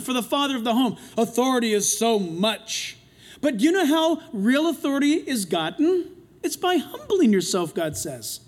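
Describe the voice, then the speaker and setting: Middle-aged male pastor, very high-pitched, preaching with passion and dynamic swings. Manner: impassioned preaching, swings between loud and quiet. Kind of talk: sermon.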